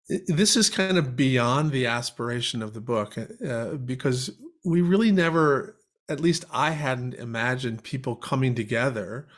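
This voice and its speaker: A man speaking as guest author on a webinar video call, moved and tearing up, talking haltingly with restarts. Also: medium pitch. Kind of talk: webinar talk.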